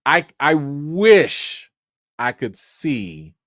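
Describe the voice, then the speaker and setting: A man hosting a movie news livestream in a loose, slangy, conversational way. His pitch swings widely as he gets going, and the recording is dry and close with no room sound. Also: very slow, no echo. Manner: animated, talks back to the listener, slangy. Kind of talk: casual livestream commentary.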